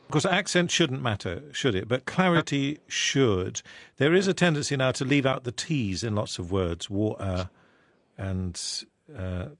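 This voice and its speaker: A man interviewing a guest on radio, asking brisk, leading questions. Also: mid-range voice, expressive, fairly bright tone, no echo.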